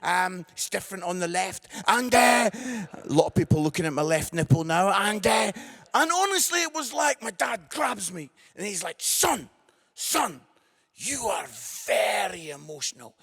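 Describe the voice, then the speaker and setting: Fifty-something guy doing stand-up stories live, fairly high voice, punchy, keeps going "yeah?". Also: moderate pace, big-room sound. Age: 50s. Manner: animated, punchy asides with "yeah?" tags. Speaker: comedian and evangelist. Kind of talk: stand-up storytelling. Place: live venue before an audience.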